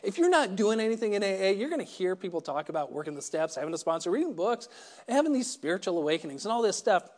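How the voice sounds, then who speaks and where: A man's voice: sits high, very animated, quick pace. A middle-aged man giving a personal recovery talk, wry and self-deprecating, often stammering and restarting his sentences. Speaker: recovery meeting speaker.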